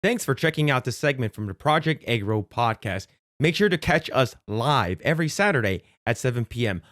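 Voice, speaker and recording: A man hosting a casual podcast chat, swearing freely and acting out quotes in a loud, high voice. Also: brisk, no echo, clean studio sound. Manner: animated, profane, acts out quotes in a loud high voice. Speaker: podcast host.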